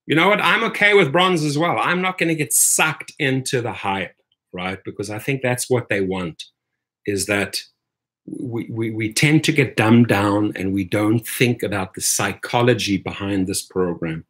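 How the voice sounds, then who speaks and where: A man's voice: lowish voice, animated, unhurried, a bit bright. Emphatic man ranting on a live stream. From Washington, D.C., USA. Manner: emphatic, keeps adding "right?"; addresses viewers as "my friends". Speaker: rideshare channel host. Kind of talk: live stream commentary, reading chat.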